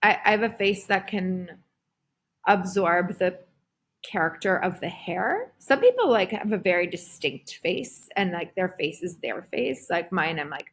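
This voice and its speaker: A woman in her thirties talking casually as a podcast guest, animated, with lots of "like" and "um". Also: on the low side, unhurried, breathy edge. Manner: animated, full of fillers like "like" and "um". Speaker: guest, performer and creative director.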